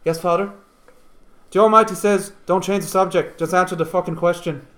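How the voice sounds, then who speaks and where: A man's voice: high-pitched, fairly even intonation, a little fast, fairly bright tone. A man reciting a profane film line. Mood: dramatic. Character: gruff Irishman quoting a film line.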